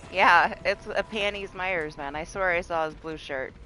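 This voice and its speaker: A woman's voice: on the low side, moderate pace, sharp tone, low-quality recording. A woman streamer chatting casually while playing a game live, greeting viewers, swearing now and then and laughing often. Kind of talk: casual live gameplay chat. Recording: game music playing behind.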